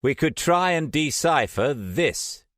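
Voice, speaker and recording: A man's voice: fairly high pitch, expressive, takes it slowly, a bit bright, no room sound, clean studio sound, voice pushed up. A man voicing a brash young man who argues and boasts defensively. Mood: defiant. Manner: cocky, argumentative.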